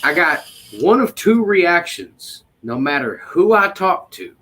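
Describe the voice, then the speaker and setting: A man's voice: high voice, sing-song, slow pace, pushed and bright. A man from Kentucky with a Kentucky Southern accent, swearing and laughing as he tells stories in casual chat. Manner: profane, laughing storyteller.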